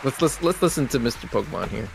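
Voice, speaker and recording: A man's voice: medium pitch, expressive, fast talker, over music, rough recording. A man co-hosting a live podcast, chatting and joking dryly while watching a broadcast. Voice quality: gravelly. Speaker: podcast co-host. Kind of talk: casual live watch-along chat.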